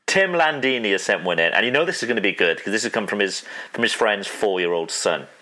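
Lower-voiced man reading corny jokes. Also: lively intonation, quick pace, sharp tone, rough recording. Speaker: podcast co-host. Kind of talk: casual banter reading listener jokes.

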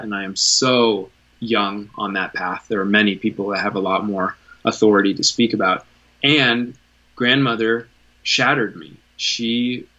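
A man's voice: on the low side, sharp tone, dull audio. A man in his thirties, a podcast guest, telling his story in an earnest, candid way, swearing casually and often restarting his sentences.

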